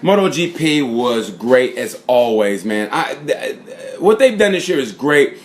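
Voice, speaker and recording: A man giving a casual, rambling recap of motorcycle races, full of fillers and shout-outs. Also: medium pitch, very animated, a little slow. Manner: rambling, lots of fillers and "props". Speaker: motorsport fan reviewer. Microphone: phone or camera mic.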